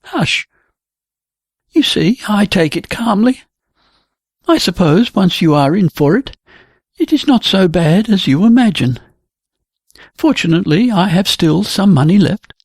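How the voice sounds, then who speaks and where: A reader voicing a calm, resolute young woman. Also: medium pitch, a little slow, pauses often, husky, no echo, clean studio sound. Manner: quiet, firm and reflective.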